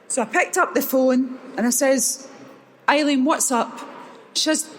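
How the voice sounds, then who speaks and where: A middle-aged Scottish woman giving a motivational talk at a live event, acting out the dialogue in her stories with lively energy. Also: high-pitched, measured pace, a little hiss or hum. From Scotland. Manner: animated storyteller acting out dialogue. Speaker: keynote speaker.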